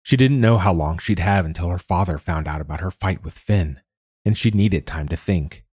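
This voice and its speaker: A male audiobook narrator reads a fantasy story with measured pacing. His voice sits low and husky, with a close, dead, booth-dry sound. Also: a little mellow, no room sound. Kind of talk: scripted narration.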